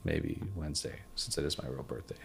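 A man hosting a podcast, chatting casually and rambling, often trailing off softly. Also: rumbling low, fairly even intonation, brisk, creaky, breathy edge. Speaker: podcast host. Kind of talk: casual chat.

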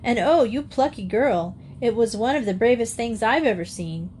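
A woman's voice: fairly high pitch, lively intonation, normal speed, a little mellow, slight background noise, natural voice. A woman reading the part of a big fair man who talks bluntly and practically, reassuring a fainted young woman in a storybook. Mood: brisk. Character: big fair man, kindly but brisk rescuer.

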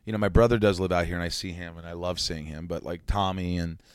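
Rambling low-voiced man telling stories. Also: fast talker, clean tone. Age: 40s. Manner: rambling, animated storytelling with profanity. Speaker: podcast guest, comedian and musician. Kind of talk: casual interview chat.

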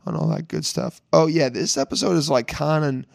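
A young man hosting a casual podcast, hoarse from a lost voice, rambling and joking with plenty of swearing. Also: a little high, fairly quick, dry recording, clean studio sound. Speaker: podcast host. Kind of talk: casual solo podcast intro.

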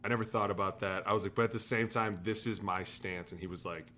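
A man, a former football player, telling animated locker-room stories on a casual podcast, shouting out the lines he quotes. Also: fairly low pitch, fast, slight background noise. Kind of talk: casual storytelling chat.

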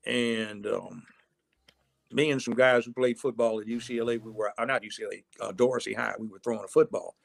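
Man, gravelly voice, animated storyteller, dry close sound. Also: medium pitch, fairly quick, no room sound. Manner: animated storyteller acting out quotes. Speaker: guest storyteller. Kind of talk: casual anecdote telling.

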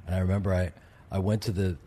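A man's voice: low voice, level tone, fast talker, dark tone, slightly rough. A middle-aged man co-hosting a podcast, an actor who talks earnestly and eagerly about his craft. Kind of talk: casual podcast chat.

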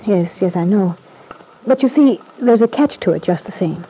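A woman's voice: mid-range voice, lively intonation, moderate pace, mellow, a little hiss or hum, natural voice, rough recording. An actress playing a wry, self-deprecating young mother in a vintage radio soap. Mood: weary.

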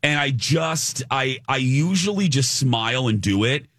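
A man's voice: medium pitch, a little slow, husky, no echo, studio quality. A man co-hosting a podcast, telling a story in casual chat and acting out what people said. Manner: animated, acts out quoted voices. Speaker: podcast co-host.

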